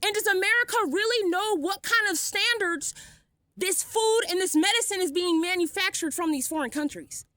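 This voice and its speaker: High-pitched defiant woman ranting. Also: normal speed, bright, forceful tone, no echo, studio quality. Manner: defiant, sarcastic, blunt with profanity. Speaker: vlogger. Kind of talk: ranting vlog monologue.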